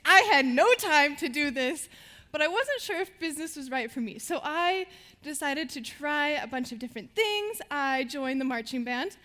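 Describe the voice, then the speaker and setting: A woman's voice: sits high, animated, moderate pace, bright, forceful tone. A teenage girl giving a stage talk to an audience, telling her stories in a bubbly way and laughing between lines. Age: teens. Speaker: student speaker on stage. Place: stage before a live audience.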